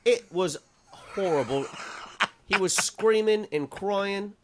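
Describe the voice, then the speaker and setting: A man's voice: sits high, takes it slowly, slight background noise, voice pushed up. A man voicing a blustery man in a mock Australian accent, dramatic and exaggerated. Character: blustery Australian man telling a wild tale.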